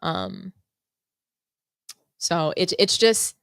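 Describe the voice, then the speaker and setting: A woman in her thirties hosting a sports talk show, giving frank and measured opinions. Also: lowish voice, sing-song, creaky, fairly bright tone, smooth, no room sound, studio quality. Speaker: podcast host. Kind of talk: casual commentary.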